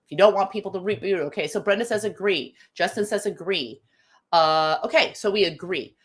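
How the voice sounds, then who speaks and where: With a medium-pitched, brisk voice, this live show host, a middle-aged woman from the United States, works through her thoughts out loud on a live stream. She often starts phrases over and reads viewer comments aloud.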